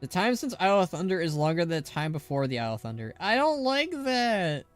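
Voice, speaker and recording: A man's voice: on the high side, lively intonation, racing, faint music behind. A man streaming a game, chatting casually, playful and teasing, laughing often. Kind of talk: casual chat while gaming.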